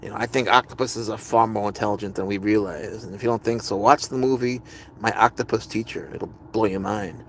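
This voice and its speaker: A man's voice: lowish voice, fairly even intonation, brisk, fairly bright tone, a little hiss or hum. A man hosting a live stream, chatting casually and rambling as he answers viewers' comments. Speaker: livestream host.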